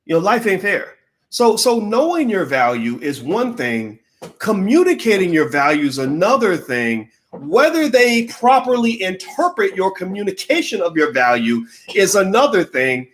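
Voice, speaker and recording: A middle-aged man holds forth in a loose, conversational monologue about negotiation. His voice sits a touch high for a man, and he gets animated, slipping into quoted voices and dropping casual curses. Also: moderate pace. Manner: animated, acts out quoted people, swears casually. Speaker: commentator on business.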